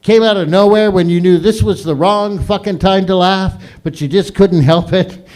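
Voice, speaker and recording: A man's voice: sits high, moderate pace, a little mellow. A middle-aged man hosting an open mic, telling crude, profanity-laden stories in a rambling stand-up style on a small comedy stage.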